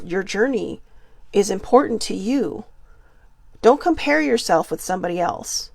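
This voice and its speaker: A woman's voice: mid-range voice, creaky, darkish tone, no room sound. A woman in her forties hosting a podcast, talking earnestly and rambling with many fillers and restarts. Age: 40s. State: getting emotional. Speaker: podcast host. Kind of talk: casual personal monologue.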